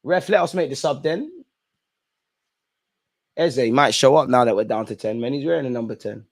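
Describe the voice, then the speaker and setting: A man's voice: mid-range voice, animated, moderate pace. A young man hosting a live football watch-along, reacting to the match in an exasperated way and talking straight at the players and the referee.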